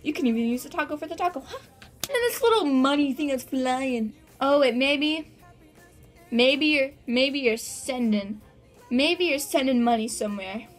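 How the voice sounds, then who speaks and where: Bubbly high-voiced young woman vlogger. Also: animated, normal speed, soft background music. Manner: bubbly, chatty, giggly, full of filler words. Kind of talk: casual vlog chat.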